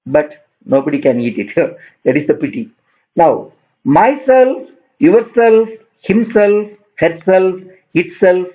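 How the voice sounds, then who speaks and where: Man, grammar lesson, patient repeating explanations, mellow tone, lo-fi recording. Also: fairly high pitch. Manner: explains slowly, repeating terms, with examples. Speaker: English teacher.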